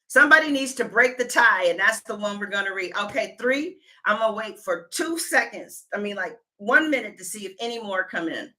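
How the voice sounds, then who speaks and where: A woman's voice: medium pitch, expressive, normal speed, few pauses, pushed and bright. A woman reading tarot cards on a live stream, chatting with her viewers and thinking aloud as she goes. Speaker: tarot reader.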